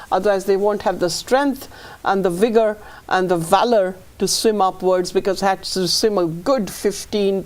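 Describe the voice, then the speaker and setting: A woman's voice: mid-range voice, a little mellow. A middle-aged woman, a fertility practitioner interviewed as a guest, talking in an earnest, emotional way with many restarts. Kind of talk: conversational interview.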